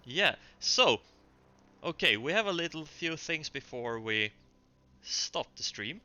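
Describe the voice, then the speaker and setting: A man narrating as game master of a streamed tabletop game, relaxed and halting with fillers. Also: on the high side, highs cut off.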